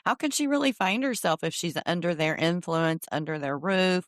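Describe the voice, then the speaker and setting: A woman's voice: fairly low pitch, moderate pace, dry recording, clean studio sound. A woman co-hosting a podcast, chatting bluntly and frankly about a reality show. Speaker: podcast co-host. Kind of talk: casual recap chat.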